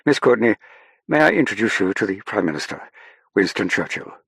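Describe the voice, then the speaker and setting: A man's voice: on the low side, big pitch swings, a little fast, creaky, a bit bright, husky, dry recording, studio quality, pitched above the performer's own voice, exaggerated voice. A man voicing a proper, impatient English aide with an English accent, speaking in a clipped, urgent way. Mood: formal.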